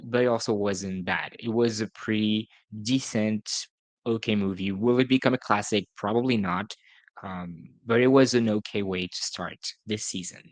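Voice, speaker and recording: Male podcast host, lowish voice, dry close sound, chatty and self-correcting. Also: no echo. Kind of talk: casual solo podcast review.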